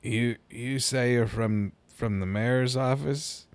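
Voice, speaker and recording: A man's voice: mid-range voice, takes it slowly, smooth, no echo, natural voice. A man voicing a dazed, flustered male guard captain who stammers and hesitates. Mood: confused. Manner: hesitant, stammering, many fillers.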